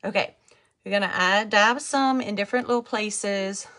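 A woman's voice: mid-range voice, moderate pace, a bit bright. Chatty Cajun-accented woman vlogger. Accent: Cajun Louisiana. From Louisiana. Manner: chatty, talks to viewers, reads out comments. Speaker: makeup vlogger. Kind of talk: chatty live makeup tutorial.

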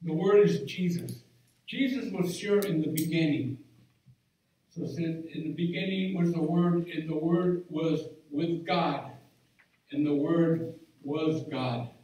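A man preaching a sermon as pastor, fervent and rising to shouts of praise, recorded from far off in an echoing church hall. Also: a little high, takes it slowly. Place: church sanctuary.

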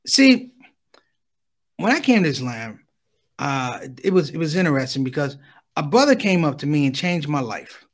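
A man performing a stand-up comedy set, telling stories with lively delivery and acting out the people in them. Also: a little high, moderate pace, pauses often. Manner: animated storytelling, acts out other voices. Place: on stage at a conference.

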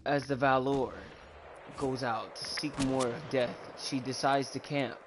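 A man's voice: mid-range voice, fairly even intonation, unhurried, noisy background. A young man doing profane, joking commentary and mock narration over gameplay. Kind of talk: comic gameplay fan dub commentary.

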